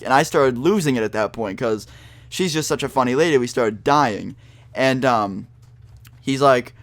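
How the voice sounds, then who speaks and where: A man's voice: medium pitch, moderate pace, no room sound. A young man telling a story to the camera in a loose, rambling vlog, swearing often and filling gaps with ums and restarts. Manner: rambling, profane, with many fillers and restarts. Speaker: vlogger. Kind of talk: casual storytime monologue.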